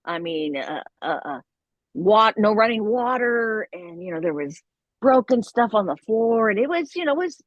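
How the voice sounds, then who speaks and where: Lively middle-aged woman telling a story. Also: a little high, normal speed, no echo, lo-fi sound. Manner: animated, laughing, frequent fillers. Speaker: voice actor guest. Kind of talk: casual storytelling.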